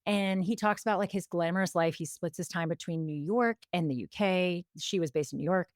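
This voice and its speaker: A woman's voice: on the low side, brisk, no room sound, studio quality. A woman co-hosting a podcast, casually recapping a story in a chatty way, full of "like" and quoted asides. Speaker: podcast co-host.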